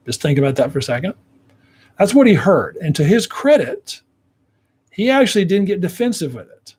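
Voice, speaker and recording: Guy w a husky, kinda high voice giving relationship advice, acts out both sides. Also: sing-song, moderate pace, darkish tone. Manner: explains by acting out what partners say. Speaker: relationship coach. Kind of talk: advice talk to viewers.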